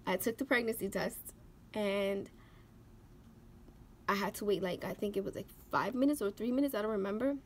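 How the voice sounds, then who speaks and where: A young woman vlogs about her life, sharing a personal story with emotion and animation, packed with "like" and acted-out quotes. Her pitch is medium and her pace normal, with long pauses and a faint hiss or hum.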